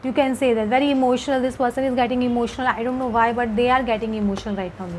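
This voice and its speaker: A woman with a high, light voice reads tarot cards to the viewer in a casual, hesitant way. She circles back on her points, repeating phrases and filling pauses. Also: fairly even intonation, background noise. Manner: hesitant, repetitive, many fillers. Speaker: tarot reader. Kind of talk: casual tarot card reading to camera.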